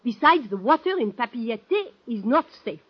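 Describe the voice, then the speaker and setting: An actress with a French accent playing a coaxing, insistent middle-aged restaurant hostess from Normandy in an old radio drama. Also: female voice, fairly high pitch, sing-song, moderate pace, slightly rough. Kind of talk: 1940s radio acting. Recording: dull old radio recording.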